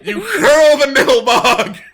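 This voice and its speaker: A woman narrating as game master of a tabletop game, playful and quick to laugh. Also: high-pitched, big pitch swings, a bit bright.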